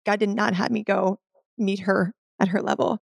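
A woman's voice: medium pitch, steady tone, moderate pace, gravelly, no room sound, studio quality. A woman guest telling an earnest, spiritual personal story in conversation, full of "like" fillers. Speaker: podcast guest.

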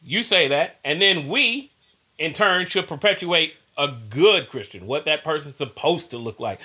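Casual podcast voice: an animated man, bright and a bit high, who slips into quoted voices while telling stories. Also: normal speed, slightly rough. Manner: animated, acts out quoted voices, laughs often. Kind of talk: casual chat.

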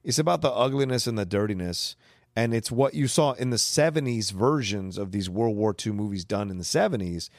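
A man co-hosting a film podcast who rambles and thinks aloud as he talks through movies. His voice is low. The sound is dry and close to the mic. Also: fairly quick, dry recording. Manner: rambling, thinks out loud with fillers. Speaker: podcast co-host. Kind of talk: casual film review chat.

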